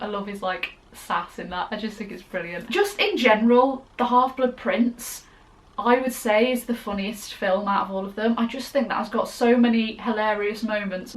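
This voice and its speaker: A young woman answering fan questions in a casual vlog, chatty and gushing, rambling off on tangents. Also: mid-range voice. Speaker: YouTuber.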